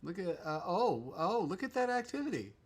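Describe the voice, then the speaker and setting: A man's voice: sits high, very animated, normal speed. A man hosting a casual livestream from a home studio, chatting loosely, trailing off and restarting his sentences. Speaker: livestream host.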